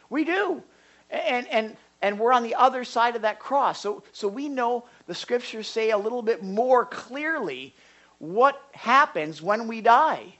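An older man preaching as a pastor in a conversational sermon, acting out little dialogues and swinging between loud and hushed delivery. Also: sits high.

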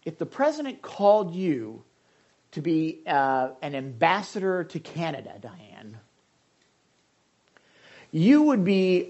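A man's voice: high voice, sing-song, takes it slowly, long pauses, darkish tone, highs cut off. A male pastor giving a conversational sermon, calling on listeners by name.

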